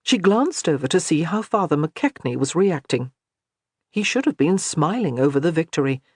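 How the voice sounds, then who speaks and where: A woman narrating a historical romance audiobook in an expressive storytelling manner. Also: sits low, normal speed, breathy edge, no room sound, clean studio sound.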